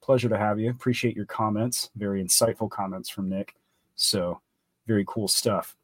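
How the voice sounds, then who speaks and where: A man's voice: on the low side, fairly even intonation, moderate pace, dry recording. A man co-hosting a casual livestream chat, joking easily and reading out viewer questions. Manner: joking, easygoing.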